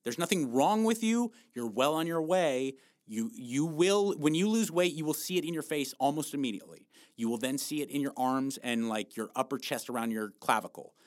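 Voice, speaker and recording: A man's voice: mid-range voice, expressive, normal speed, hardly any pauses, no echo, clean studio sound. A man giving a blunt, profane motivational talk about fat loss, coaching his listeners and urging them on with emphatic encouragement.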